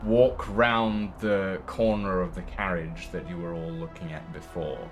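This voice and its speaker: A man narrating as game master of a tabletop game, unhurried and halting, with many fillers. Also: sits low, fairly even intonation, over music.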